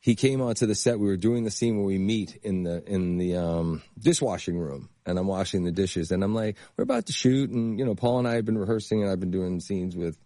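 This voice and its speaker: A man, an actor being interviewed, telling behind-the-scenes stories in a casual, animated way with bursts of laughter. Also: deep voice, a little fast, few pauses, no echo, clean studio sound. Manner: animated anecdotes with laughter and acted-out quotes. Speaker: actor guest.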